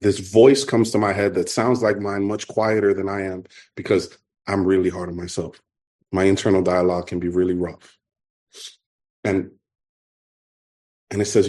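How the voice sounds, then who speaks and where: A middle-aged man from New York with a New York accent, telling his recovery story to a meeting in an earnest, halting way. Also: low voice, level tone, a little mellow. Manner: earnest, halting, repeats himself. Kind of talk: personal testimony talk.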